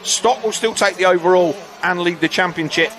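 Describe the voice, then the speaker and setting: A male commentator calls a motocross race with a high, bright voice. He talks in quick bursts and often sounds out of breath with excitement. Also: slight background noise.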